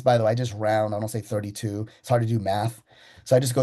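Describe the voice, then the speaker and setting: A man giving a sales training talk, telling how he runs a customer pitch and acting it out with slow, deliberate pauses. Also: steady tone, dark tone.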